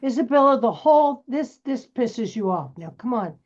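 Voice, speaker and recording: A woman's voice: a little high, lively intonation, normal speed. Brash acting teacher, woman, lo-fi sound. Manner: brash, teasing, pushy. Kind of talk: coaching a scene rehearsal. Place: acting class studio. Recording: dull lo-fi recording.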